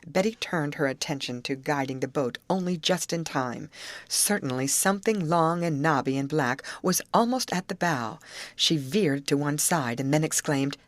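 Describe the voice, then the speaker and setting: A woman narrating an audiobook aloud, voicing the characters' lines with higher pitch. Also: moderate pace, dry recording. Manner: lively reading, raises pitch for the girls' lines. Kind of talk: scripted narration.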